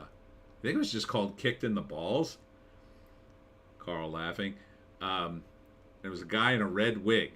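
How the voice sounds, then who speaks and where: A middle-aged man with a fairly low voice hosts a casual live stream. He rambles loosely and chuckles often as he reads viewer comments aloud. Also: a bit bright. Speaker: live stream host reading chat.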